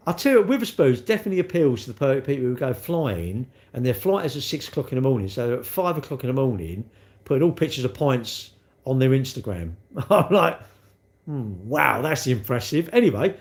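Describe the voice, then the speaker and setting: A man chatting on a live stream, his pitch jumping around as he rambles. His banter is cheeky and loose as he answers viewers one by one. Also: sing-song, a little fast, a little mellow. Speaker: livestreamer reading chat. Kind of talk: casual live-stream chat.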